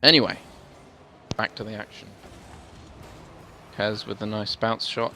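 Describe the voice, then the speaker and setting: Gravelly Irish man calling a game. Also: lowish voice, completely flat delivery, bright, forceful tone, a little hiss or hum. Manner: measured, analytical, with fillers. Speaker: esports commentator. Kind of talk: casual game commentary. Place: home desk.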